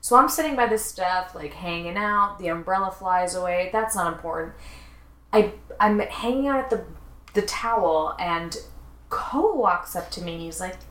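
A woman co-hosting a podcast, telling a story in a loose, chatty way full of asides. Her voice sits a little low. The room rings with a noticeable echo. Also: moderate pace, fairly bright tone. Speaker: podcast co-host. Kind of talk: casual chat. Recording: roomy echo.

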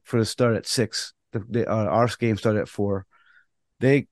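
With a mid-range voice and no echo, a man on a casual podcast recounts umpiring stories energetically, voicing both sides of the disputes. He swears offhandedly from time to time, and the sound is close and dry with no surrounding room.

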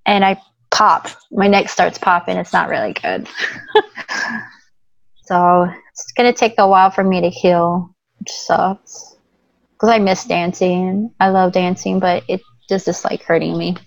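A woman's voice: fairly low pitch, fairly even intonation, measured pace, vocal fry, no room sound. A chatty young woman guest rambles on in a casual conversation, laughing often. The recording is dry and slightly muffled, with a lo-fi sound. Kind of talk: casual chat.

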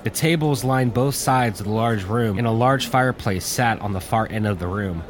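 A man reading a war story aloud in steady audiobook narration. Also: on the low side, moderate pace.

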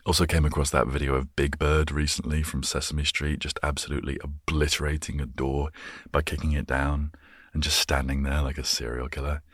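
A man with a remarkably low voice drifts from thought to thought in relaxed, soft-spoken chat. The sound is dry and close. His easygoing delivery is meant to help listeners unwind. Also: a little fast, dry recording. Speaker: host.

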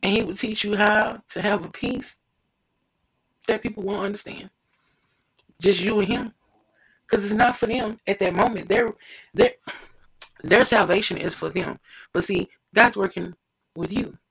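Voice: mid-range voice, unhurried, gravelly, pauses often, a bit bright, slightly rough, poor audio. A preacher giving an informal devotional sermon, fervent and repetitive, speaking straight to the listener.

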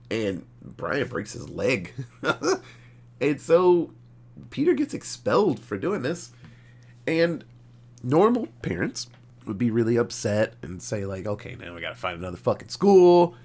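A man co-hosting a podcast, recapping a horror movie in animated, profane, casual storytelling. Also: mid-range voice. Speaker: podcast co-host. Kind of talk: casual movie review chat.

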